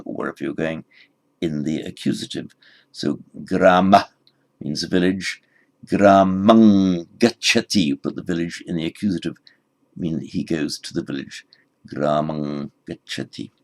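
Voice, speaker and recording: Deep gravelly guy teaching grammar, slow patient explaining. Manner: patient, explanatory, spells out forms slowly. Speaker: language teacher. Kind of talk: recorded lesson.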